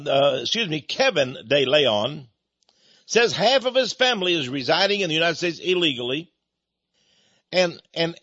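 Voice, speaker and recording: A man's voice: mid-range voice, a bit bright, husky, no echo, dull audio. A man from East Texas, hosting a radio talk show and giving a rambling, sarcastic opinion monologue in a folksy way.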